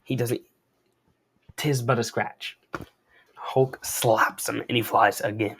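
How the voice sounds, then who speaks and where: A man's voice: medium pitch, unhurried, slight background noise. A young adult man reading a comic aloud and chatting about it. He talks in easy slang with laid-back, hedging asides. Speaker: comic reader and commentator. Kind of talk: casual comic read-along commentary.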